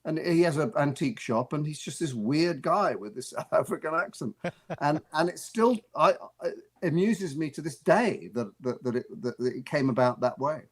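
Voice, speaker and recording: Chatty actor telling stories, restarting sentences. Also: male voice, a little high, moderate pace, slightly rough. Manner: rambling, with frequent restarts and repeated words; amused, laughs while telling stories. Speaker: actor and author, interview guest. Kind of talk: casual anecdotal storytelling. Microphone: radio studio mic.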